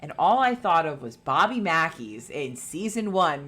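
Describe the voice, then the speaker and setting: A woman's voice: deep voice, sing-song, moderate pace, few pauses, noisy background. A woman co-hosting a podcast, casually retelling a ghost-hunting show, swearing freely and acting out what people said. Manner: chatty, swearing, acting out quotes. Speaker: podcast co-host.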